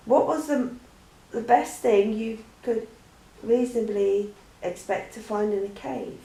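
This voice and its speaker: A chatty woman who rambles through her answers and keeps stopping to restart. Her voice sits a bit high and echoes in a bare room. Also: steady tone, a little slow, gravelly, warm tone. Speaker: vlogger. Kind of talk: casual Q&A chat.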